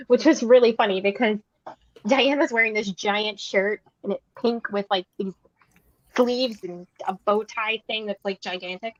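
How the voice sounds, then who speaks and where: A woman's voice: medium pitch, unhurried, no room sound, muffled recording. A woman guest chatting playfully and expressively during a movie watch-along. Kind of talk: casual chat.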